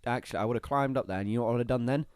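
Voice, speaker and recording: A man co-hosting a podcast, rambling through his points in casual chat. He laughs easily and talks at a mid pitch for a man. The recording is close and dry. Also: rapid-fire, darkish tone, clear, resonant tone, no room sound. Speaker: podcast co-host.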